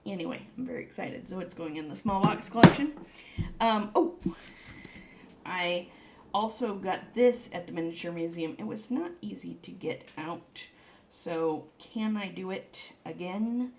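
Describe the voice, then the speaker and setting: Woman vlogger, chatty and rambling, fairly low voice that jumps high with delight, faint hiss behind. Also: measured pace, creaky. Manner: rambling, chatty, gushes in a high voice and drops to whispers over cute things. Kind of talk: casual show-and-tell chat.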